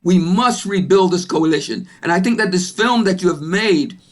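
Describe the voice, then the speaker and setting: A man's voice, high-pitched and at normal speed, comes from a panel guest on a video call. He is loud and excited, often repeating words as he builds momentum.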